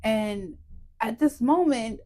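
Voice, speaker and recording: Woman guest, higher-pitched voice, animated emotional storyteller, laughs through the hard parts, podcast testimony. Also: slow. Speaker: guest telling her testimony. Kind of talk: personal testimony in a podcast interview.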